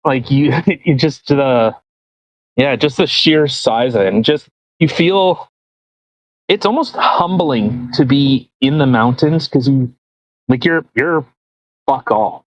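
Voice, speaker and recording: A man co-hosting a casual podcast, wandering through his thoughts with many fillers and restarts. His pitch sits in the middle range, and the recording is dry and close. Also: takes it slowly, no room sound, low-quality recording. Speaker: podcast co-host. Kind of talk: casual chat.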